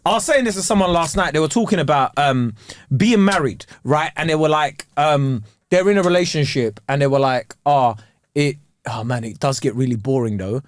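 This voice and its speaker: A man co-hosting a podcast, ranting in a loud, emphatic, comic way. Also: on the high side, normal speed. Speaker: podcast co-host. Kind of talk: casual chat.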